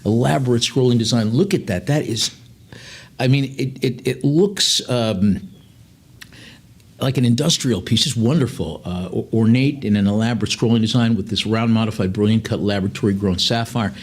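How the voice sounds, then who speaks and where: A male auctioneer with a voice pitched in the middle range for a man, calling bids at a live sale. He talks in a loose, chatty way, wandering off into side stories and filling gaps with "uh" and "um" before getting back to the bids. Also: moderate pace, slightly rough. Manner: chatty, digressive, many fillers between bid calls.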